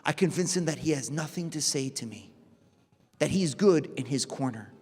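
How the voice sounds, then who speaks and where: A man, a priest, giving a lively conference talk full of rhetorical questions and acted-out dialogue. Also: fairly high pitch, moderate pace, slightly rough. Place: large conference hall. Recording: long hall reverb.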